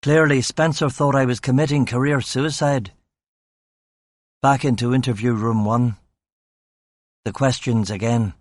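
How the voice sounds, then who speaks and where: A man narrating a first-person crime novel in a dry, steady manner. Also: medium pitch, measured pace, pauses often, no room sound. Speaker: audiobook narrator.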